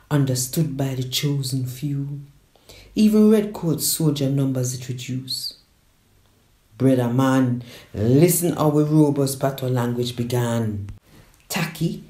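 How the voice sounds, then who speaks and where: A woman with a Jamaican accent reciting a dramatic poem, slow and emphatic, mixing patois and English. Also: a bass voice, mellow, reverberant. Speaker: poet.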